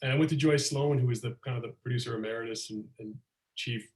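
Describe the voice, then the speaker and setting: A middle-aged man telling lively anecdotes as a comedian guest, slipping into acted-out quotes, on a video call. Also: medium pitch, fast. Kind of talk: casual storytelling chat. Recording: roomy echo, far from mic.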